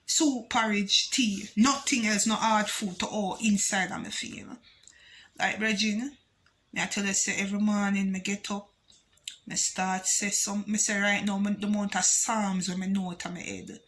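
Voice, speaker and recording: A woman with a Jamaican accent telling a personal story for her vlog, switching between patois and English with animated emphasis. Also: mid-range voice, moderate pace. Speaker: vlogger.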